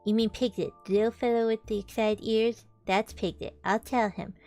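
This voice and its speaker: A woman voicing a gloomy old male donkey in a storybook reading, speaking in a slow, mopey, self-pitying way. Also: a little high, steady tone, a little mellow, soft background music, natural voice.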